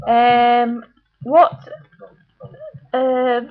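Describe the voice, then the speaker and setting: A woman's voice: fairly high pitch, monotone, very slow. A British woman vlogger reading a word list and answering questions about what she calls things, in a chatty way. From United Kingdom. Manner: chatty, reads words one by one. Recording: tinny phone-like sound.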